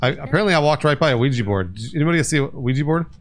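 A man hosting a live stream of a horror game, animated and thanking viewers as he plays with friends. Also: on the high side, racing, slight background noise. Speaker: streamer and host.

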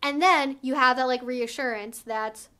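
A woman's voice: high-pitched, normal speed, bright, forceful tone, clean tone. A woman giving frank, casual advice as a vlogger, emphatic and direct, peppering her talk with "like" and "right?". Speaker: sex educator vlogger.

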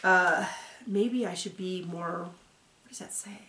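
A woman's voice: fairly low pitch, a little slow, sharp tone. Chatty sarcastic woman in an echoey room. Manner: chatty and sarcastic, with playful asides. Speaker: TV recap reviewer. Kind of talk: casual reaction recap. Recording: roomy echo.

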